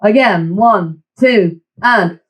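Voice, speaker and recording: A woman teaching a flute lesson, giving tips and counting the student in with steady encouragement. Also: medium pitch, very slow, faint music behind, low-quality recording. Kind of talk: online music lesson.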